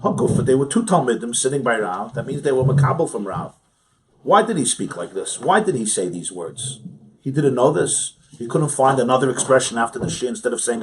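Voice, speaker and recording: A man's voice: mid-range voice, animated, fairly quick. Man giving a chatty Talmud class. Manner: conversational, asks rhetorical questions, chuckles often. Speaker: rabbi teaching a Talmud class. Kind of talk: informal study-hall lecture. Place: study hall.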